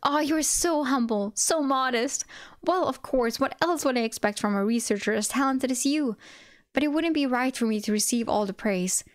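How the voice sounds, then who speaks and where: A fawning male screenwriter gushes in a raised, bright voice, piling on overeager praise, as a woman reads him aloud. The sound is close and dry, with no room around it. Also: fairly high pitch, a little fast, no echo, natural voice. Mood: effusive.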